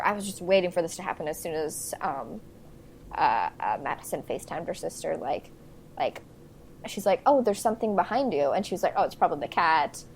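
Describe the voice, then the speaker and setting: A woman's voice: deep voice, slight background noise. A young woman co-hosting a podcast, chatting casually about a movie, laughing often and filling her talk with "like" and "um". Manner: chatty, laughs often, recaps plot with many fillers. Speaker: podcast co-host.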